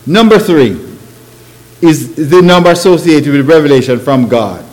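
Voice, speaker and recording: A man's voice: on the high side, expressive, moderate pace, darkish tone. A man preaching a sermon, with grammar, rhetorical questions and emphatic rising phrases. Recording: long hall reverb.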